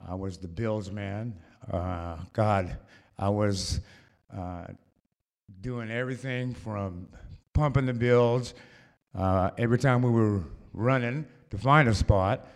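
A man telling a personal story to a live audience, halting and rambling, full of fillers and restarts. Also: fairly low pitch.

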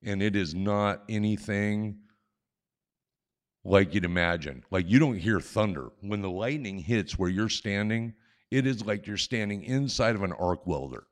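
Older male storyteller with a lower voice, animated and self-deprecating, chuckling through a story into a stage mic. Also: a little slow. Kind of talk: live personal storytelling. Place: on stage at a live event. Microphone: stage microphone.

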